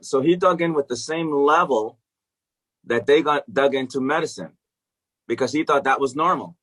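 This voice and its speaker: A middle-aged man, a music educator, telling stories as a guest in a casual interview, animated and profane, laughing often. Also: medium pitch, moderate pace.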